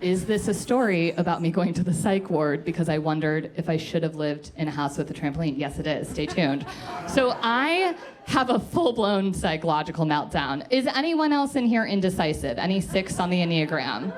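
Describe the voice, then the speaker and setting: A young adult woman telling a comic personal story to a live audience, self-mocking and animated, slipping into quoted voices and laughing as she goes. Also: fairly low pitch, normal speed. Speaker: comedian telling a story on stage.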